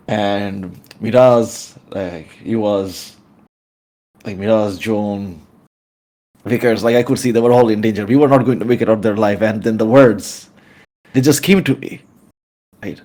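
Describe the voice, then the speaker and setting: Mellow-voiced man roleplaying his character. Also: lowish voice, unhurried, long pauses. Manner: rambling, hesitant with many fillers. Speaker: tabletop player.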